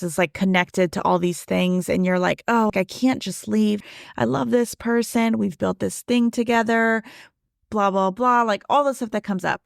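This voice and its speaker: A woman in her thirties hosts her own podcast, sharing a personal story in a relaxed, chatty way packed with "like" and "right?". Her mid-range voice carries vocal fry, and the studio-quality recording has no room sound.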